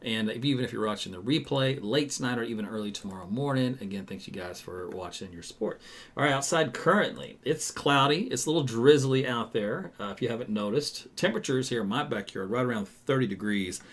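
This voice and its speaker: A man hosts a live weather stream from home. He talks in a loose, chatty way at a middle pitch, filling gaps with "um" and "uh" and joking with his viewers between forecast details. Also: fairly quick. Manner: chatty and loose, many fillers, jokes with viewers.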